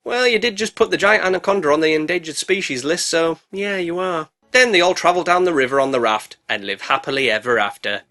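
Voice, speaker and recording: A man's voice: brisk, few pauses, sharp tone. A British man narrating a sarcastic, jokey movie recap as a reviewer. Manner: cheeky, sarcastic, bursts into squeaky put-on voices.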